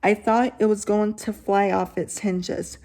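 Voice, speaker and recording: Woman reading a scary story, steady, chatty asides now and then. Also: mid-range voice, unhurried. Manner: reads steadily, breaks off for casual asides.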